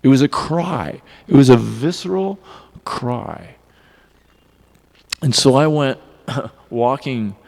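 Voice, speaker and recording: Gravelly man giving a devotional class. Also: medium pitch, slow, long pauses. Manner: earnest, animated storytelling. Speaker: class speaker. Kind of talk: devotional class talk with personal stories. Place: temple hall. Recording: long reverb of a hall.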